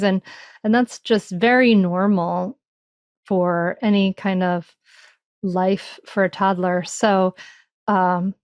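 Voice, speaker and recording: A woman's voice: mid-range voice, fairly even intonation, slow pace, pauses often, dry recording, clean studio sound. A woman who writes about parenting, answering interview questions in a reflective, conversational way, often restarting her sentences. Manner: reflective, frequent restarts and "you know". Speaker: parenting author guest.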